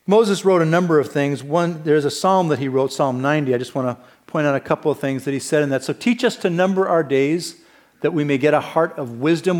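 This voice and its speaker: Man, senior pastor type, slightly raised pitch; chatty storytelling sermon, sinks soft and low for the heavy parts. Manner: conversational storytelling with fillers and restarts.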